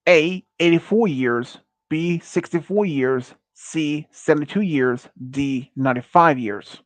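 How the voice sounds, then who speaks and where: A man's voice: fairly high pitch, measured pace, no room sound. A man hosting a casual quiz on a stream, reading out questions and answers with many fillers, restarts and awkward phrasing. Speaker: quiz host.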